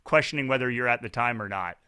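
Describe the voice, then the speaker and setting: A man hosting a podcast over a video call, chatting casually and telling stories in an animated, self-deprecating way. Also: medium pitch, quick pace, background noise. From Canada. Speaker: podcast host.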